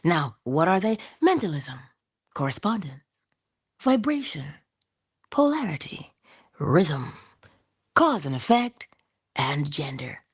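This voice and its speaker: A woman hosting a spiritual talk, animated and laughing often as she tells stories. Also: deep voice, slow, pauses often, husky. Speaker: spiritual channel host. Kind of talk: casual spiritual talk to viewers.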